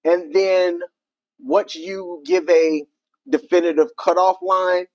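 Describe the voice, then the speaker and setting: A woman's voice: on the low side, steady tone, darkish tone, no room sound, dull audio. A woman co-hosting a casual podcast chat, playful and teasing with her partner. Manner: playful, teasing, quick reactions. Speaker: podcast co-host.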